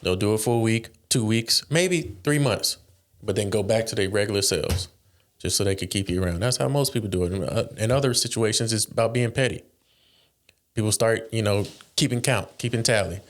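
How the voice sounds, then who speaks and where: A man's voice: mid-range voice, brisk. A man co-hosting a casual podcast chat, playing out both sides of relationship arguments in quoted voices and swearing casually. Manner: laughs between lines, swears casually. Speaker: podcast co-host.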